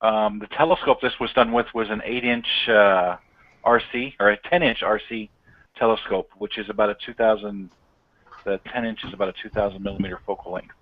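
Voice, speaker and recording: Low-voiced man over tinny call audio. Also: fairly even intonation, brisk. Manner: frank, self-deprecating. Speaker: amateur astronomer guest. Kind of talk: casual live-stream chat.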